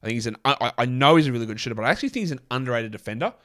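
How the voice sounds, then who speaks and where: Aussie bloke hosting a sports podcast, blunt chatty rambling, mid-pitched voice, swears a lot. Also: male voice, expressive, rapid-fire, fairly bright tone. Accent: Australian. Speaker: podcast host. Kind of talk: casual fantasy sports podcast talk.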